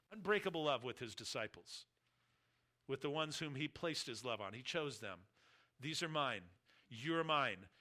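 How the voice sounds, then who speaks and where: A man's voice: medium pitch, pushed and bright. A middle-aged man preaching an expository sermon, reading scripture aloud and acting out the speakers' words.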